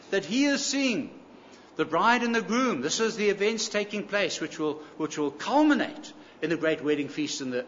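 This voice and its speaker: A man's voice: high voice, a bit bright, a little hiss or hum. A man preaching a sermon, emphatic, repeating key phrases and asking the congregation rhetorical questions. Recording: echoey hall, slightly dull sound.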